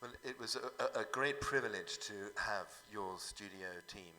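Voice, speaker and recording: A man chairs a public panel, rambling and hesitant and full of fillers. His voice sits low yet sounds bright, with a long hall reverb and a faint hum behind it. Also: normal speed.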